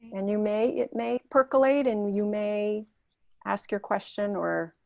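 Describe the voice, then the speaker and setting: A woman hosting a talk show gathering over a video call, gently guiding participants and reading their chat messages aloud. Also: mid-range voice, fairly even intonation, unhurried, vocal fry, no echo, studio quality.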